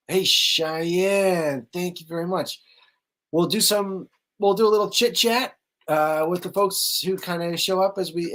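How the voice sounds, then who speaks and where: A man's voice: fairly high pitch, a bit bright. Chatty man hosting a live stream. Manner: loose and chatty, greeting viewers by name with many fillers. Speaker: host of a livestream post-show discussion. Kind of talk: casual live-stream chat.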